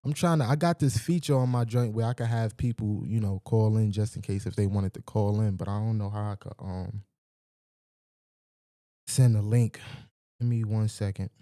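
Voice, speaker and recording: A man hosts a livestream and talks straight to his chat in a loose, slangy, profane way. His voice sits low and sounds very dark and mellow. The sound is dry and close. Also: fairly even intonation, normal speed, no echo. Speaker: livestream host. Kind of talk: casual livestream chat with viewers. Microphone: desk microphone with mic checks.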